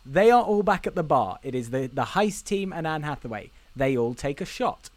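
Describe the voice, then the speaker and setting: A man's voice: a little high, normal speed, no room sound. A man co-hosting a podcast, casually recapping a film scene by scene and acting out lines as he goes. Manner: animated retelling, acts out film lines. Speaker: podcast co-host.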